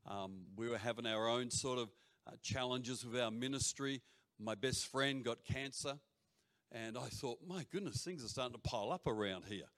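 A man preaching a sermon to a congregation, swinging between loud shouts and quiet near-whispers, with joking asides. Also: mid-range voice, normal speed. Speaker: pastor. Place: church hall before a congregation. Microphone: handheld or stage mic.

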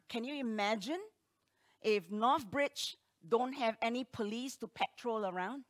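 A woman with a fairly high voice delivers an emphatic sermon full of rhetorical questions, moving back and forth from loud declarations to hushed asides.

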